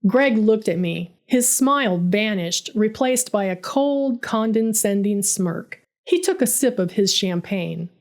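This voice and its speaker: A woman's voice: medium pitch, animated, measured pace, few pauses. A woman narrating her own first-person story, dramatic and bitter in tone.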